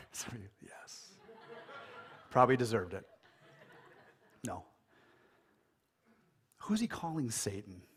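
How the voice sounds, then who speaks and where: An American man delivers a church sermon with a loose, conversational energy. He jokes with the congregation and slips into quoted characters as he tells the story. His voice sits a little higher than most men's. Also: slightly rough. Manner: casual and animated, jokes and acts out quoted lines. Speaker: pastor.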